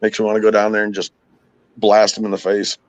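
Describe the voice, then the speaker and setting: Man, low voice, casual podcast chat, angry profane storytelling, dry room sound. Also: monotone, a little fast, no room sound, rough recording. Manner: profane, ranting, frustrated storytelling. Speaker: podcast host.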